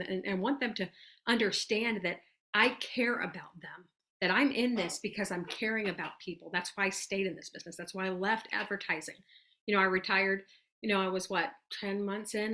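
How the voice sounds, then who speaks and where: Woman doing a team pep talk, bright voice, folksy, lots of "you guys". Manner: chatty and earnest, folksy "you guys" and "y'all"; acts out sample messages in a soft, lowered voice. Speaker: network marketing speaker. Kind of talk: motivational team call talk.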